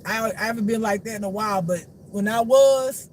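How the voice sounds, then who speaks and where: A spiritual life teacher in a casual, unscripted monologue, blunt and profane, laughing often and swinging between low mutters and shouts. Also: fairly quick, few pauses. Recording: noisy background hum.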